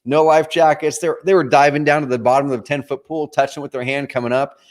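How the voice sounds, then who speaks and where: A man's voice: fairly high pitch, level tone, fast talker. A man in his late thirties giving a motivational planning webinar, earnest and personal, talking straight to his audience. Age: 30s. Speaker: company leader presenting a planning webinar.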